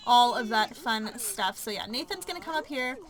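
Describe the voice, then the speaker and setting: A woman's voice: a little high, animated, moderate pace, fairly bright tone. A woman casually narrating her life-sim gameplay, chatty and full of ums and likes. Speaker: let's play narrator.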